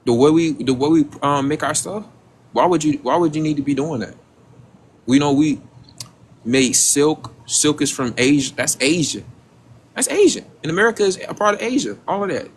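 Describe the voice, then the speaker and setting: A man's voice: medium pitch, slight background noise. A man hosting a casual livestream. He talks in rhetorical questions, addresses his audience directly, and stumbles over repeated words when searching for what to say. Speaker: livestream host.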